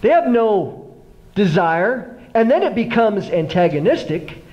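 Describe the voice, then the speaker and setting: In a church sanctuary, a middle-aged pastor with a high-pitched voice preaches at a measured pace, recorded with lo-fi sound. His sermon is full of animated stories in which he acts out the quoted voices.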